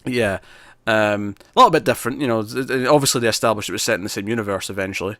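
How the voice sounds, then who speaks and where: A man's voice: on the low side, very fast, bright, forceful tone, no room sound. A man co-hosting a movie discussion podcast, talking casually and rambling with lots of fillers and restarts. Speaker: co-host of a movie discussion show. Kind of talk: casual chat.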